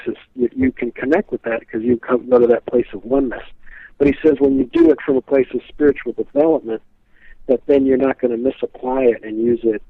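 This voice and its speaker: A man's voice: mid-range voice, dry recording. A man, a guest on an interview show, telling stories in a casual, rambling way, full of fillers. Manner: rambling, filler-heavy, animated retelling. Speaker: guest expert. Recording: tinny dry phone line.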